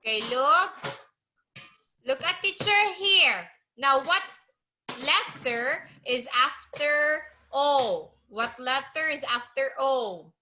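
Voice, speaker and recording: A woman teaching a small child in a high, lively, sing-song voice. She talks very slowly, with exaggerated coaxing phrasing. Her tone is sharp and bright. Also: highs cut off, a little hiss or hum. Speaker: English teacher for a young child. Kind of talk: online kids' English lesson.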